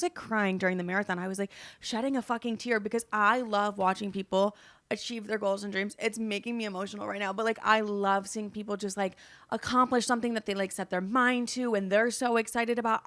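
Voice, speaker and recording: A woman's voice: medium pitch, a little fast, a bit bright. A young woman in her twenties chats through a solo podcast episode in her apartment. She is breezy and dramatic, swears freely and sounds a little tired. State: tired and low on energy. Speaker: podcast host. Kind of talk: casual solo podcast chat. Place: her apartment, construction noise outside.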